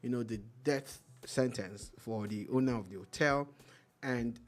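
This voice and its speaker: Nigerian guy co-hosting radio talk, earnest, stammers and restarts a lot, mid pitch. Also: measured pace. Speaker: radio show co-host. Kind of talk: casual news discussion.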